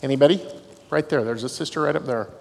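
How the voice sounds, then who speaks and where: A man's voice: mid-range voice, fast talker, vocal fry, darkish tone, slight background noise. Middle-aged man, university dean, devotional storyteller with dry humor; live hall sound, long reverb. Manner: storytelling, self-deprecating humor. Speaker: dean of students. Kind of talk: devotional talk to students. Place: large hall on a university campus.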